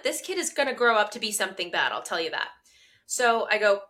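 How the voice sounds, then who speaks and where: As a podcast co-host, a woman with a bright, clear, middle-range voice chats casually and briskly. She tells her story with animated indignation.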